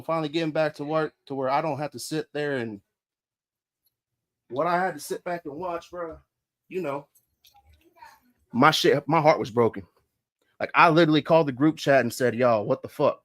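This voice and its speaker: Profane, fired-up male podcast host. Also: a little high. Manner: profane and confrontational; emphatic, repeats himself. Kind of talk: heated livestream rant. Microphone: streaming mic.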